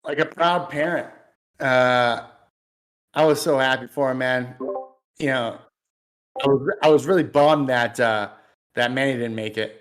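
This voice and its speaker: A man's voice: mid-range voice, unhurried, long pauses, faint music behind. Earnest, enthusiastic male sports co-host. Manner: earnest, enthusiastic fan talk with restarts. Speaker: podcast co-host. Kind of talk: casual sports podcast chat.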